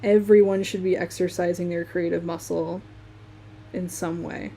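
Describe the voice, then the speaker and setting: Young Midwestern woman, mellow voice, relaxed live-stream chat while sketching, faint room hum. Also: on the low side, moderate pace. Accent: Midwestern American. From Michigan, USA. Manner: chatty, laughs often, talks while working.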